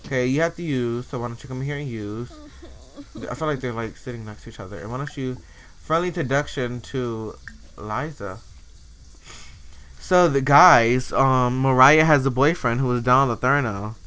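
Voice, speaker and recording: A man commentating gameplay casually, animated and sassy, voicing the characters' thoughts with mock swearing into a desk microphone. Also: medium pitch, normal speed, a little hiss or hum. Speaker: let's play host. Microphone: desk USB microphone.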